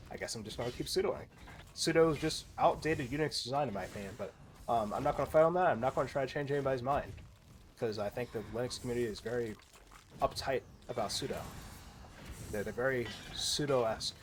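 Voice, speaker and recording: A man's voice: mid-range voice, slight background noise. A man ranting casually and profanely while playing a game, exasperated and rambling with frequent stammers and restarts. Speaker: gaming video creator.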